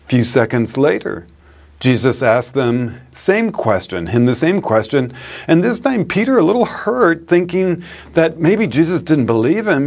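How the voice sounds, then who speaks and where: A man's voice: mid-range voice, sing-song, moderate pace, a little mellow. A man, a priest, preaching a sermon in a storytelling manner and laughing at his own anecdotes.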